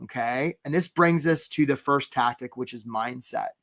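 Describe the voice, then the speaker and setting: A man coaching job seekers in a live webinar, animated and talking straight to viewers by name, acting out little scenes in quoted voices. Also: mid-range voice, moderate pace. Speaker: career coach.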